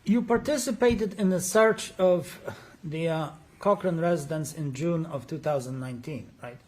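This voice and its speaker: A man's voice: fairly high pitch, normal speed. Man pressing hard in cross-examination. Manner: pressing, leading questions. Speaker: defense attorney. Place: courtroom.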